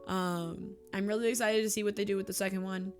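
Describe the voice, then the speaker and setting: A woman's voice: medium pitch, steady tone, fairly quick, faint music behind. A young woman, chatting casually to camera in a vlog, emotional and gushing, laughing often and teary. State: tearful. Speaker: YouTuber and streamer. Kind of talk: casual monthly vlog chat.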